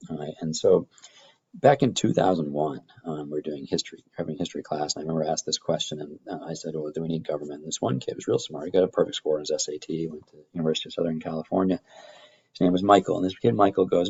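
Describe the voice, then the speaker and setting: A middle-aged male teacher with a very low, gravelly voice gives a rambling classroom lecture, full of restarts and fillers. His tone is a bit husky, and the recording sounds muffled and lo-fi. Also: fairly even intonation, very fast, dark tone. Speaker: high school government teacher.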